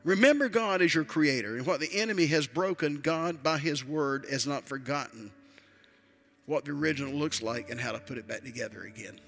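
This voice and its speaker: A man's voice: on the high side, a little fast, a bit bright, soft background music. An older man, a retired pastor, preaching a sermon in a church with emphatic, repetitive declarations.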